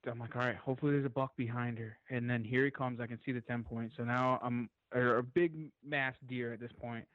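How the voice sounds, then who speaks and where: Man, podcast guest, rambling excited storyteller, salty language, dead dry room, muffled lo-fi sound. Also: mid-range voice, a little fast, dry recording.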